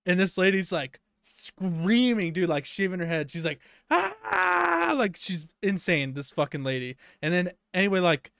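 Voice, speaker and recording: A man's voice: high voice, moderate pace, few pauses, a bit bright, clear, resonant tone, dry recording, studio quality. Young man rambling through a story. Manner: rambling anecdote with many fillers and profanity. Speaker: podcast co-host. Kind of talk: casual storytelling chat.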